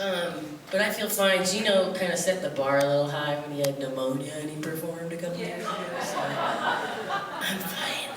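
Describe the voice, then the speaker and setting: A woman's voice: low-pitched, noisy background. Chatty woman telling stories on stage. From upstate New York. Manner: chatty, joking, loose asides. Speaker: poet performing at a festival. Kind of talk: rambling comic stage storytelling. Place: theater stage before an audience. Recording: echoey theater, distant mic.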